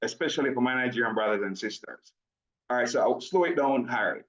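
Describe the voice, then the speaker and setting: A man with a blended Jamaican and American accent delivers an energetic business pitch, talking fast and calling out to his audience. His pitch sits mid-range. The audio is dull and lo-fi. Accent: mixed Jamaican and American. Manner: excited and fast, breaks into laughter, addresses audience directly. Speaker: presenter at a business launch event.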